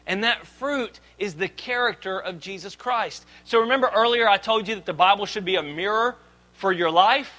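A man in his thirties preaching a sermon as pastor, swinging between loud emphatic lines and quiet asides. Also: sits high, moderate pace, rough recording.

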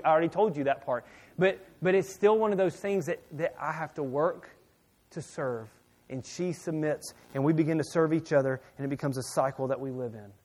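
A middle-aged man preaching a sermon, telling a personal story with many repeated words, swinging between loud emphasis and near-hushed asides. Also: fairly high pitch. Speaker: pastor.

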